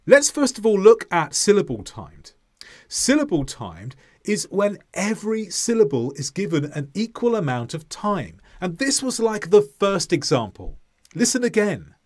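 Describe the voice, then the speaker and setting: Slow, lively-voiced English teacher. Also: male voice, high-pitched. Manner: slow, deliberate, clearly stressed delivery with modelled example sentences. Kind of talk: scripted English pronunciation lesson.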